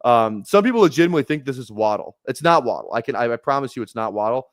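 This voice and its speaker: A man's voice: medium pitch, very animated, quick pace, no echo, studio quality. A man casually rambling on a live stream while drafting fantasy football, talking loosely with filler words and the odd curse. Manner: laid-back rambling with frequent laughs and swearing.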